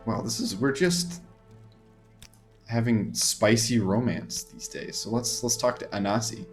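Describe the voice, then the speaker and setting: A man at a mid-range pitch talks through his game as he plays, musing aloud and chuckling. His sentences often trail off unfinished. Quiet game music runs underneath. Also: a little slow. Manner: thinks aloud, chuckles, mumbles half-sentences. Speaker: gamer, channel host. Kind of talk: casual gameplay commentary.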